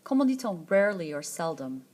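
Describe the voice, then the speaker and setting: A woman with a slightly low voice teaches a French lesson in a screencast. She pronounces each word carefully and says it twice so students can copy her. Her delivery is patient and instructional. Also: big pitch swings, a little mellow. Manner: slow, repeats words twice for the learner. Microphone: tablet screencast.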